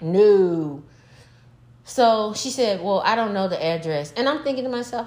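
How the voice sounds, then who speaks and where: A middle-aged woman telling a story in casual chat, animated and profane, breaking into laughter. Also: medium pitch, normal speed. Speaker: podcast co-host, mother.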